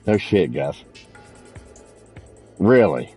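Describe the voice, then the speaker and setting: A man's voice: fairly low pitch, very animated, slow pace, dark tone, faint music behind. A man streaming a multiplayer game, chatting casually and crudely with friends, telling rambling stories and teasing them. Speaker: gaming streamer.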